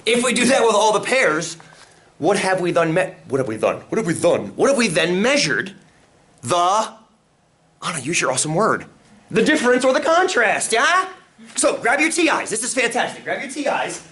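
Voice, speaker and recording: A man teaching a statistics class, animated and full of questions for his students. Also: sits high, moderate pace. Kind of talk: classroom lecture. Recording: roomy, from far off, faint room noise.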